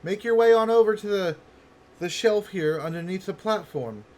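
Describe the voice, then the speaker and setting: A man's voice: high-pitched, moderate pace, darkish tone, pitched above the performer's own voice, natural voice. A man voicing a suspicious, commanding woman who calls down from a platform. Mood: guarded. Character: wary woman calling down from a platform.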